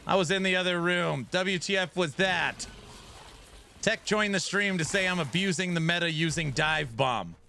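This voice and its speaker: A man's voice: high voice, moderate pace, gravelly, bright, forceful tone, slight background noise. A man streaming a game build, chatting casually with his viewers in a self-mocking, talk-back way. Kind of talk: casual live-stream chat while gaming.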